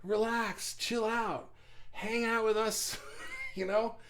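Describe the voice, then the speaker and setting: A laid-back inner soul, a chill surfer-type guy who coaxes in slang, voiced a little softer and lower than the speaker's own talk, as a man puts him on. He sounds mellow and easygoing, as if he is talking someone down. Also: little pitch movement, takes it slowly. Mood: coaxing.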